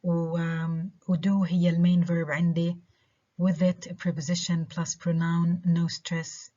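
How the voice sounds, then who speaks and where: Low, husky woman lecturer, Arabic-accented. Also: flat delivery, dark tone, muffled recording. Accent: Levantine Arabic. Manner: switches between English and Arabic, slow careful repetition of examples. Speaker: university lecturer. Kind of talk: recorded online lecture.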